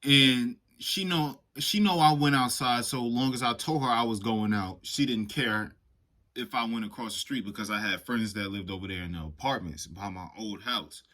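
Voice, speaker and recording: A young man casually telling a profane, animated storytime vlog. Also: medium pitch, normal speed. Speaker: vlogger.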